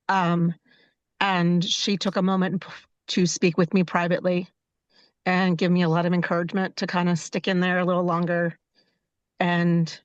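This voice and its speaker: Woman, lowish voice, flat delivery, dull dry sound, soft-spoken, halting. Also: no room sound. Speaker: workshop participant, unit leader. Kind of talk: casual sharing in an online meeting.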